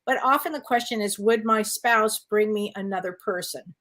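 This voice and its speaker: A woman co-hosting a talk show as a psychic medium, telling stories in an animated, laughing way. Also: mid-range voice, normal speed. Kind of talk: casual storytelling chat.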